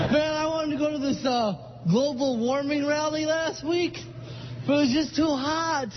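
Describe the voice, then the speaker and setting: A man doing a stand-up comedy set, delivering self-mocking punchlines loudly on a stage. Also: very high-pitched, fairly even intonation, moderate pace, big-room sound, highs cut off, heavy background noise. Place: comedy stage before an audience.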